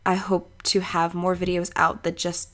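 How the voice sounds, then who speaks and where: A woman's voice: fairly low pitch, monotone, normal speed, a bit bright. A woman in her twenties from Maryland, a voice actor chatting casually about herself in a vlog introduction. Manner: chatty, playful, often slips into put-on voices.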